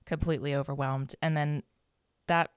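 A woman hosts an interview, answering her guest's story with empathy. Her voice is very low and smooth. The recording is dry and close, with no room sound. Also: steady tone, normal speed, no room sound. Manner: empathetic, affirming. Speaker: podcast host.

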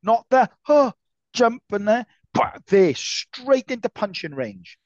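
Animated swearing storyteller man. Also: very high-pitched, takes it slowly, no echo, highs cut off. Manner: animated storyteller, swears freely, acts out voices. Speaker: martial arts podcast co-host. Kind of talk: casual chat.

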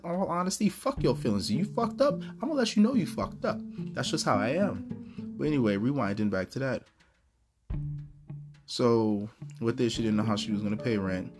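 A man hosting a podcast, telling a story in a blunt, profane, casual rant. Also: lowish voice. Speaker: podcast host.

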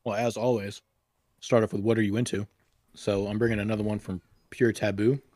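A man's voice: lowish voice, level tone, fairly quick, darkish tone, dry recording, clean studio sound. A man co-hosting a casual podcast, retelling scenes in a crude, rambling way full of swearing. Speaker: podcast co-host.

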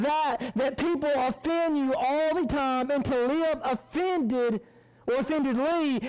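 A young man with a strikingly high voice tells a rambling, animated story to an audience. He interrupts himself often, restarts his sentences and corrects his own words as he talks. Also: rough recording. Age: young adult. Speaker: college student speaker. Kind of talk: casual storytelling talk.

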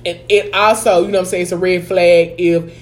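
A woman co-hosting a podcast, talking in animated, slangy, profane casual chat. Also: lowish voice, fairly quick. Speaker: podcast co-host.

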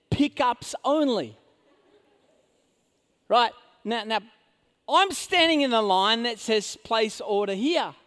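High-voiced pastor telling a story. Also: male voice. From Orange County, California. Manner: animated storytelling, swings from loud emphatic to quiet asides; conversational fillers like "like" and "you know". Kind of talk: sermon with personal story.

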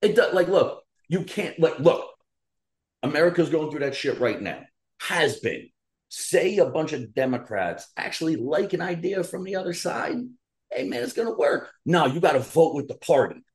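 A man's voice: on the high side, normal speed. A man co-hosting a casual podcast, ranting with lots of swearing and heated storytelling. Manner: profane, animated ranting. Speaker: podcast co-host.

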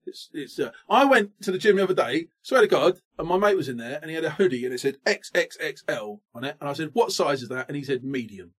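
A man in his late thirties with a slightly higher voice than most men, co-hosting a comedy chat. He rants in an animated, self-mocking way, often breaking into laughter. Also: quick pace, hardly any pauses. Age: 30s. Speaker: podcast co-host. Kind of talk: comic rant in casual chat.

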